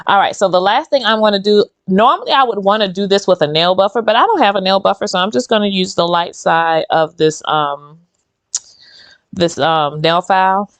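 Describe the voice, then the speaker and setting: Woman host, chatty nail tutorial, dry close sound, mid pitch. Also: normal speed, dry recording. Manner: chatty, rambling and animated. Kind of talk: casual chat while doing her nails.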